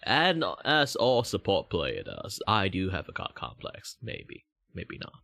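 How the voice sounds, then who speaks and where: Young malaysian guy streaming, lowish voice that bounces around a lot, rambly, laughs at himself. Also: wildly swooping pitch, a little slow, creaky, hardly any pauses, a bit bright, dry recording. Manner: rambling, self-mocking, chuckles often. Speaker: VTuber streamer. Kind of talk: casual livestream chat.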